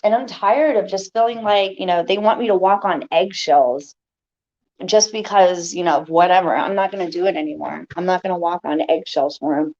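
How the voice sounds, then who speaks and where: A woman's voice: lowish voice, moderate pace, a little mellow, muffled recording. A woman vlogger talking casually and rambling, frustrated and tired as she vents. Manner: frustrated, weary, loose and rambling. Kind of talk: casual venting monologue.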